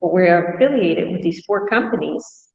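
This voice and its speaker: A woman's voice: lowish voice, expressive, normal speed, creaky. A woman hosting an online webinar, explaining things in a casual way. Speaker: host. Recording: echoey, dull, lo-fi sound.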